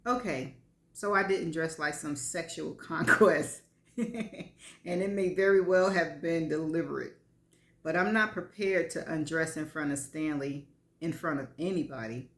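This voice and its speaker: A woman's voice: low-pitched, animated, unhurried. A woman giving a live reading of frank first-person fiction, wry and laughing between lines. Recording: echoey room.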